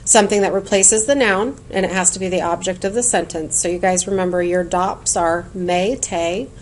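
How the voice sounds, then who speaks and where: A woman teaching Spanish in a recorded lesson, explaining clearly and patiently and chanting word lists in a sing-song rhythm. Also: on the low side, steady tone, normal speed, a little hiss or hum.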